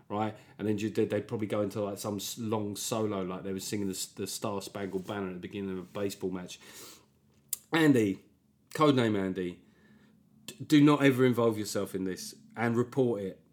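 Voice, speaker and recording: A man hosting his own podcast in a rambling, sarcastic, self-deprecating monologue. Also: medium pitch. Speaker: podcast host.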